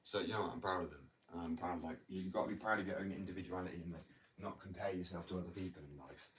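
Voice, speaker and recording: A man's voice: deep voice, rapid-fire, a bit bright. A man, a skateboarder, talking in a loose, rambling casual chat full of "like" and "you know", recorded at home. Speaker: skateboarder talking about skating. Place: indoors at home. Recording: distant mic with faint noise.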